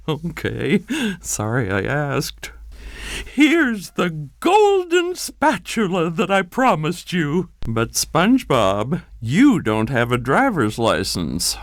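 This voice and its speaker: A woman voicing a fretful, exasperated middle-aged female pufferfish teacher in video game dialogue, drawn-out and scolding. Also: fairly low pitch, dry recording, studio quality.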